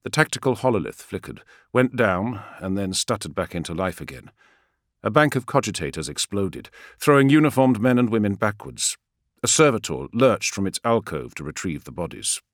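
A man reading a sci-fi war story aloud as an audiobook narrator, in a dramatic, measured way. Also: on the low side, a bit bright, no echo, studio quality. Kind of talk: scripted fiction narration.

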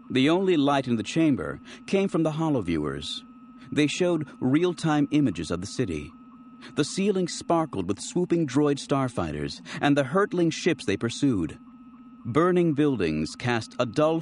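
A man narrating an audiobook in an expressive, dramatic reading style. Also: mid-range voice. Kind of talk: scripted narration.

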